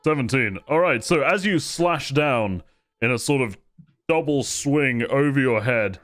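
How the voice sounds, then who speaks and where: A man running a tabletop game as game master, narrating combat vividly and at an unhurried pace. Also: mid-range voice, animated, fairly bright tone.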